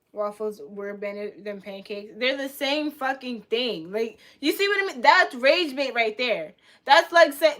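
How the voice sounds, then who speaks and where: A woman's voice: fairly high pitch, fairly bright tone. A young woman livestreaming, reacting in a heated, profane rant and repeating herself, in casual live-stream talk.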